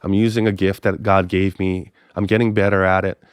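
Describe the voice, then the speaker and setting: Middle-aged pastor, animated storyteller, dry close mic. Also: male voice, fairly quick, clear, resonant tone, dry recording. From Hawaii. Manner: animated storyteller, acts out both sides of dialogue with pitch jumps. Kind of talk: casual storytelling podcast interview.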